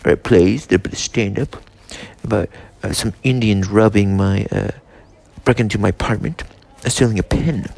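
A man's voice: on the low side, normal speed, gravelly, darkish tone. A man playing a neurotic, self-absorbed writer-comedian who rambles about himself. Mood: boastful. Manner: boastful, rambling self-introduction.

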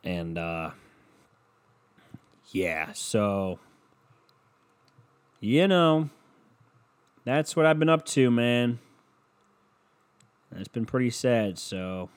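A man hosts a solo podcast at a mid-range pitch, talking into a bedroom microphone. He rambles and swears freely, jumping from one gripe to the next with a jokey edge. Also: sing-song, very slow, long pauses, clear, resonant tone. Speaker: podcast host. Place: bedroom, in the dark.

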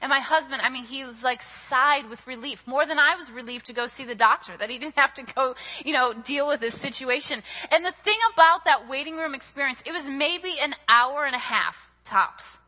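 A woman with a bright, forceful voice preaches, telling her story in an animated, chatty way full of fillers. Her voice sits a little high and rings out with a long hall reverb. The sound is dull, with the top end rolled off. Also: normal speed, few pauses. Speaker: speaker at a church service. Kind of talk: sermon with personal storytelling.

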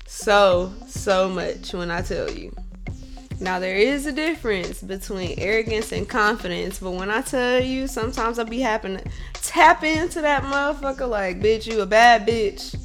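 A woman talks straight to her audience in a casual monologue, blunt and full of cursing. She moves between loud, heated venting and quieter, reflective stretches in a mid-pitched voice. Faint music plays behind her. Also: lively intonation, moderate pace. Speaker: bartender.

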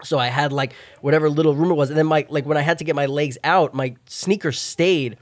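A young man in casual chat, telling a long story full of swearing and filler words and shouting out the lines he once said. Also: fairly high pitch, fairly even intonation, brisk, no echo, clean studio sound. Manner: profane, rambling storytelling with loud acted-out shouts.

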